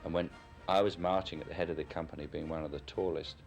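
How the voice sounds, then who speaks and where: Deep-voiced Cockney man speaking frankly. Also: fairly even intonation, fast, gravelly, soft background music. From London, England. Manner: frank, opinionated and reflective. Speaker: interviewee. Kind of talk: candid documentary interview.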